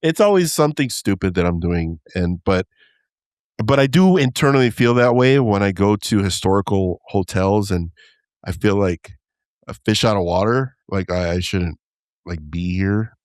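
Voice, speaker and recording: Young male podcast co-host, low voice with lots of swing, goofy storytelling banter, dry close mic. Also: moderate pace, clear, resonant tone, no room sound. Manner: animated, joking, slips into Spanish. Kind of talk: casual chat.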